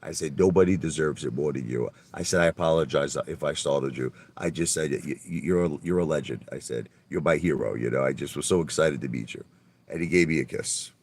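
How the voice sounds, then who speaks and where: A man hosting a livestream, telling boastful stories in a brash, animated way, often stammering and repeating his words and swearing a little. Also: rumbling low, a little fast. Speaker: livestream host. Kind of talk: casual livestream monologue.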